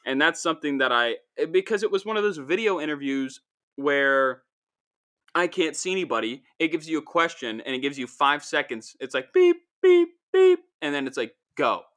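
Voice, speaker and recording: A young man hosts a laid-back podcast conversation. His voice is bright and pushed forward. He rambles through long stories, tossing in animated asides. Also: on the high side, normal speed. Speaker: podcast host. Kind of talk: casual chat.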